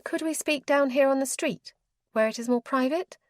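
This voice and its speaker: A woman's voice: high voice, moderate pace, no room sound, clean studio sound, voice pushed up, natural voice. A woman voicing a proud, well-bred young lady who is nervous but insistent, speaking in a prim, formal way.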